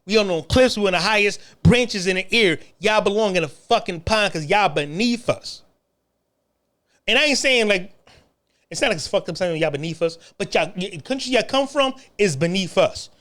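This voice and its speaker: High-voiced man ranting, mocking. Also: expressive, normal speed, a bit bright. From United States. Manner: taunting, profane, laughing mockingly; repetitive, stammering restarts. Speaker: online commentator. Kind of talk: monologue rant to camera.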